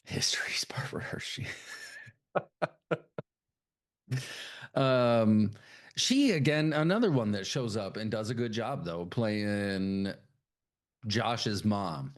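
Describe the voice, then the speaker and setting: A man with a fairly low voice co-hosts a podcast in loose, rambling chat. He swears freely and laughs often as he talks. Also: expressive, takes it slowly. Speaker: podcast co-host. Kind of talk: casual chat.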